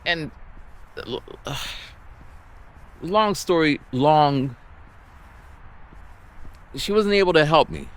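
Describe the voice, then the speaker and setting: A man ranting and telling a story while walking outdoors, exasperated and animated. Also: a little high, drawn-out words, pauses often. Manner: exasperated, animated, acts out the people he quotes. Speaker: vlogger.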